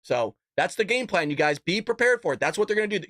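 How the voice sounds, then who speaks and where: A man's voice: sits high, big pitch swings, fast, a bit bright, dry recording, studio quality. A man hosting an unscripted political commentary livestream, talking in a fired-up, sarcastic rant. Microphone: desk microphone and camera.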